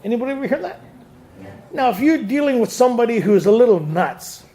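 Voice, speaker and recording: A man's voice: extremely high pitch, very animated, fairly quick, mellow. A man speaking to a recovery group, telling his story with laughs and acted-out quotes.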